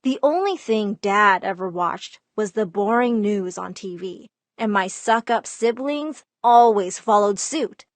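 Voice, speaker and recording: A woman narrating a first-person storytime in a lively, dramatic way. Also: mid-range voice, measured pace, hardly any pauses, no room sound.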